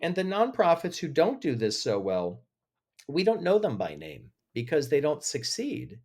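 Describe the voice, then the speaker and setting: Man, podcast guest, emotional storyteller, animated delivery. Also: a little high, moderate pace, breathy edge. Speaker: podcast guest, agency head. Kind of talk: interview conversation.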